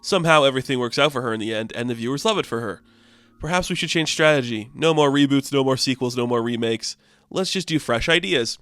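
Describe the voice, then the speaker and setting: A man voicing a calm, analytical script-writing machine. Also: mid-range voice, quick pace, smooth, dry recording, close to an everyday voice.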